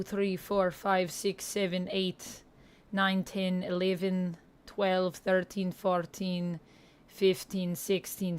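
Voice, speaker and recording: Streamer lady hamming up a fake russian accent, slow and drawn out, headset mic. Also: fairly low pitch. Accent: put-on Russian. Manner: playful, reads chat aloud, mock-serious. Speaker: gaming livestreamer. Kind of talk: casual livestream chat.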